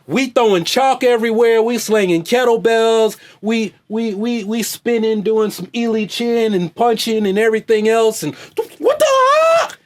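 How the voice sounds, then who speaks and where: A man's voice: high voice, fairly even intonation, normal speed, few pauses, darkish tone. A man, a vlogger and fitness coach, giving a loose, slangy off-the-cuff commentary rant full of "hey, man" asides. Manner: slangy, repetitive "hey, man", jokey mock voices.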